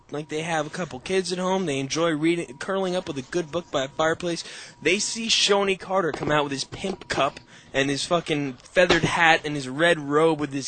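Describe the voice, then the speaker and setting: A young man hosting a podcast on a call, telling animated, profane stories in casual chat. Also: fairly high pitch, slight background noise. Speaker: podcast host.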